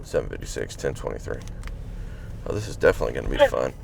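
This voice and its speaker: A man's voice: very deep voice, big pitch swings, fast talker, vocal fry, a little hiss or hum. A male police officer narrating calls and questioning a driver in a laid-back, matter-of-fact way. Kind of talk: casual on-duty narration and questioning.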